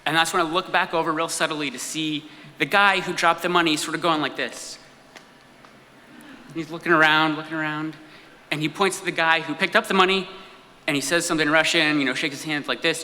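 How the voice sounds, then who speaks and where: A man performing a live personal story on stage, telling it in an animated, comic way with acted-out asides. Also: on the high side, a little fast, long reverb tail, a little hiss or hum. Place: stage in an event hall.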